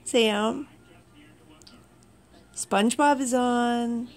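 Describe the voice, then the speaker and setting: A woman at home in the morning, talking unhurriedly to her pets and her viewers, cooing to the animals in a soft, doting voice. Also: high voice, fairly even intonation, slow, gravelly, pauses often. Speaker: pet owner vlogger. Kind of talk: casual talk to pets and viewers. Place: at home indoors, early morning.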